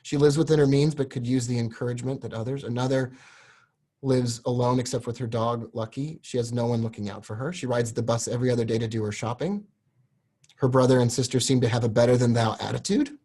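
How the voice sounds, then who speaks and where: A man hosting a live stream, pitching a course with earnest, emotional directness to viewers. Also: steady tone, fast, mellow. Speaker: host selling a trading course.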